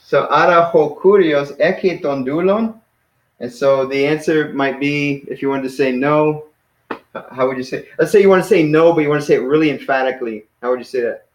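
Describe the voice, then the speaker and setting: A man giving a relaxed, encouraging one-on-one Greek lesson, laughing easily and calling his student "man". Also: mid-range voice, fast talker, reverberant, poor audio. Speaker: Greek teacher. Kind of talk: casual one-on-one language lesson.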